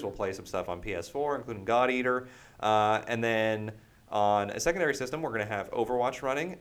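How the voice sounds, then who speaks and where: Upbeat man hosting a gaming podcast. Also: lowish voice. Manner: upbeat, promotional, rambling with many fillers. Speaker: podcast host. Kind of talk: casual podcast chat.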